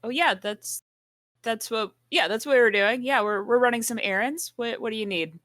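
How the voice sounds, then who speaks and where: A woman's voice: a little high, moderate pace, a bit bright, no room sound. Easygoing woman player, dry sound. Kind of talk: tabletop game chat.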